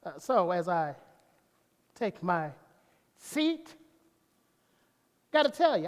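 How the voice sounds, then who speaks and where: Man, pastor, folksy sermon, animated pitch, reverberant church hall. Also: slow pace. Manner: folksy preacher, talks to himself and the congregation. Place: church sanctuary.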